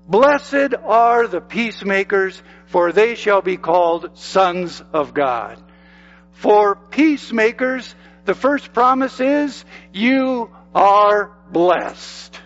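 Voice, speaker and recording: A man's voice: high-pitched, a bit bright, lo-fi sound. An older man preaching a sermon as pastor, emphatic and repeating phrases for effect.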